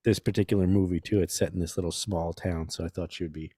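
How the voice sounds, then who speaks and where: A man's voice: deep voice, steady tone, fast talker, warm tone, breathy edge, no room sound, clean studio sound. A man hosting a podcast, chatting casually and jokily quoting movie lines. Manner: jokey, quotes movie lines. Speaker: podcast host. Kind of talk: casual chat.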